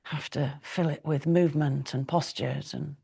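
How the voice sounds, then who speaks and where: A middle-aged woman teaching a yoga class, giving slow, calm breathing cues with long pauses. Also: low-pitched, creaky, breathy edge. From United Kingdom. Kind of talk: guided yoga class instruction.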